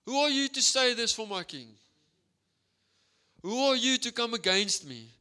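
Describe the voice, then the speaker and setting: A defiant young shepherd boy, as a preacher yells him out, pitched up high and loud, hurling challenges with fierce energy. The voice rings bright and forceful. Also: big pitch swings, measured pace, full character voice.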